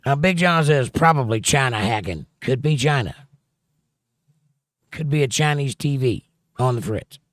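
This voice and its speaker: A man's voice: mid-range voice, unhurried, pauses often, no room sound, clean studio sound. A middle-aged man hosting a live stream, chatting casually with his viewers in a sarcastic, joking, folksy way.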